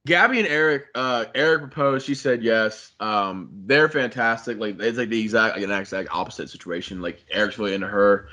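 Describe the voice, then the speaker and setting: A man's voice: on the low side, a little fast, hardly any pauses, sharp tone, lo-fi sound. A young man, a podcast co-host, animatedly retelling a story in casual chat, swearing a lot and saying "like" constantly.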